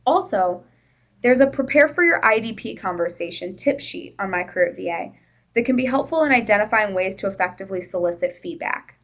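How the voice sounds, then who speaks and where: A woman's voice: mid-range voice, animated, fairly quick, low-quality recording. A woman presenting a workplace training session in a conversational, explanatory way, with the odd "you know".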